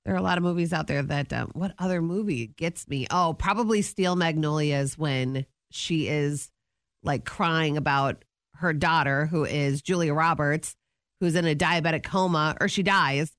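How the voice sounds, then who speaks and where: A woman's voice: deep voice, dry recording, studio quality. A middle-aged woman co-hosting a morning radio show, chatting casually and rambling through her day. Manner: chatty, rambling, quick asides. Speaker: radio co-host.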